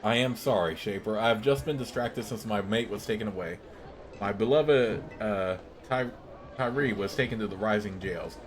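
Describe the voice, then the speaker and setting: A man's voice: fairly low pitch, moderate pace, a little hiss or hum, lightly acted. A man voicing an anxious, overworked female innkeeper who speaks humbly and apologetically in a game's dialogue. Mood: timid. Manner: apologetic, timid and deferential.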